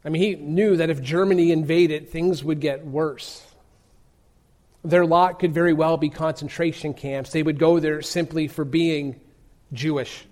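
Earnest man preaching, higher voice. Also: fairly even intonation, darkish tone. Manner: earnest, emphatic, dramatic pauses. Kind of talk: sermon storytelling.

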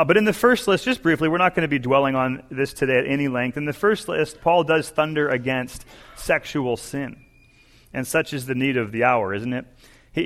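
A man delivering a sermon as a guest preacher, telling an animated story and acting out its voices. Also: mid-range voice. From Southern California. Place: church sanctuary. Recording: long church hall reverb.

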